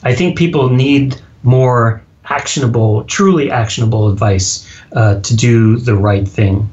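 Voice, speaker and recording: Deliberate, firm-spoken man. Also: mid-range voice, dull audio. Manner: firm, deliberate, ends sentences flat. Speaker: guest, public speaking coach. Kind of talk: podcast interview.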